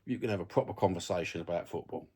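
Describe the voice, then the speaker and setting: Low, mellow, and husky, the voice belongs to a fast-talking man with a Cockney accent who rants at the camera from his seat at home. It's a casual vlog full of blunt talk, plenty of swearing, and repeated "you know what I mean."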